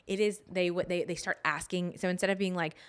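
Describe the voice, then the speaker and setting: A woman's voice: lowish voice, fairly even intonation, brisk, smooth. A woman in her thirties co-hosting a casual podcast chat about motherhood, talking emphatically with frequent restarts. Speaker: podcast co-host.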